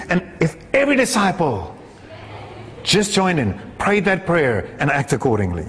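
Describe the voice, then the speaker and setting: Preacher in a reverberant hall. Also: male voice, fairly high pitch, very animated, a little slow. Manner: rising to fervent emphasis with rhetorical questions. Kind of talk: sermon.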